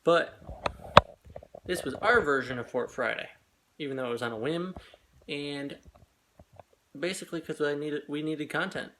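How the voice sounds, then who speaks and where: A young man chatting casually as a vlogger, signing off to his viewers. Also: fairly high pitch. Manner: slow, chatty, drops to a whisper while hiding. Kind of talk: casual vlog chat. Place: inside a store. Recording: loud background noise.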